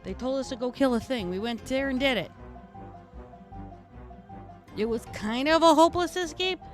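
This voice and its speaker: A woman's voice: high-pitched, moderate pace, soft background music, lightly acted. A woman playing a brash, foul-mouthed redcap fae, a tough mechanic, who chats in character on a live stream with a New York-ish accent and rambling, streetwise talk. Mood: gruff banter.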